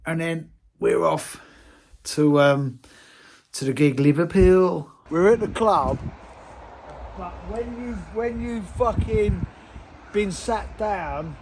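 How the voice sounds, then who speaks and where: An English DJ in his fifties vlogs his tour from inside a nightclub, chatting casually to camera, swearing freely and joking with fans. His voice sits high and a little mellow, and he speaks slowly. A noisy club crowd is audible behind him.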